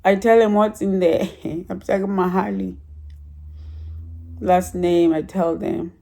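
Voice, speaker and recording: A woman's voice: medium pitch, fairly even intonation, slow, gravelly, dark tone. A woman giving a casual, rambling church testimony, chatty and a little emotional. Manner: chatty and rambling, with frequent laughs and some emotion. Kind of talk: casual spoken testimony story.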